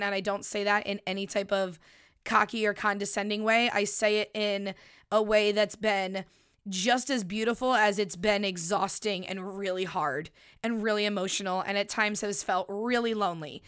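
A podcast host in her thirties chats alone into a studio microphone, casual and playful, with plenty of swearing. Her medium-pitched voice is smooth and a bit bright.

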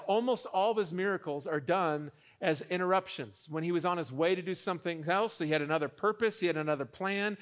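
A young adult man preaching a sermon as pastor, animated, with joking asides, repeating phrases for emphasis. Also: sits high.

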